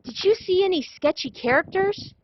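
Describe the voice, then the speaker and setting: A woman voicing a brisk male security guard in a children's storybook read-aloud, firing off questions. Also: very high-pitched, animated, muffled recording, slight background noise, pitched above the performer's own voice.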